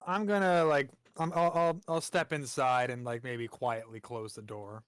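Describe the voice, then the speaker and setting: A man playing a tabletop game, speaking with halting, stammering starts. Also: medium pitch, steady tone, clean tone, dry recording, studio quality. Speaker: tabletop player. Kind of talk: casual game chat.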